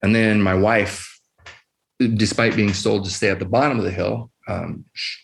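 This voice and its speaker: Middle aged guy, flat even delivery, quiet measured podcast guest, lots of pauses. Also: lowish voice, gravelly, a little hiss or hum. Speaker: emergency physician guest. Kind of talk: personal story in a podcast interview.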